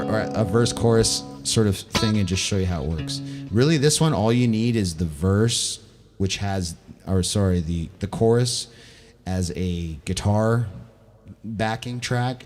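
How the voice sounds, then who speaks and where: Guy musician rambling through his loop setup, correcting himself, low voice, bit of guitar behind. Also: a little mellow. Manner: loose, self-correcting, talks while playing. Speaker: live-looping musician. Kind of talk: casual gear demo. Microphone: vocal stage mic.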